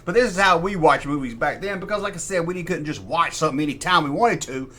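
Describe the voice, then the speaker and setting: Bright-voiced man rambling through collectibles. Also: high-pitched, expressive, fast talker, few pauses. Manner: rambling, jokey, self-deprecating asides; puts on mock voices for quoted people. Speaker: collectibles video host. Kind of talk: casual show-and-tell commentary.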